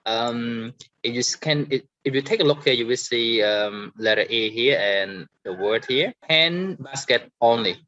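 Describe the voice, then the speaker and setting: A man with a Cambodian accent teaching an English lesson, hesitant with many fillers, saying sample words louder to show stress. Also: mid-range voice, animated, measured pace, highs cut off. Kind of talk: online grammar and pronunciation lesson.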